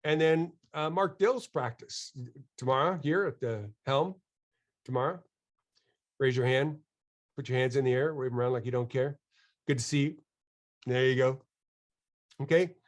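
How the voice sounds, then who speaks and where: A man presenting a webinar on marketing to a live audience, energetic and enthusiastic, joking with the crowd and asking people to raise their hands. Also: medium pitch, moderate pace, long pauses.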